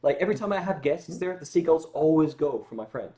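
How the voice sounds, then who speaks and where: A man's voice: a little high, expressive, fast talker, mellow. A Scottish man chatting casually as a guest on a livestream, rambling with lots of filler words and jokey asides. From Scotland. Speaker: guest musician.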